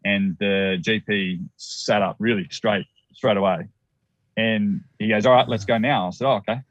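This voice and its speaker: A man's voice: fairly low pitch, fairly even intonation, moderate pace, no echo, muffled recording. An Australian man telling a personal story as a guest, rambling with restarts and acted-out quotes.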